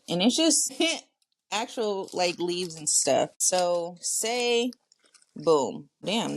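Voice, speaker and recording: A woman's voice: low voice, vocal fry, slight background noise. A woman hosting a podcast, talking casually and directly to her listeners in a solo monologue. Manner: chatty, talks straight to listeners. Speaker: podcast host.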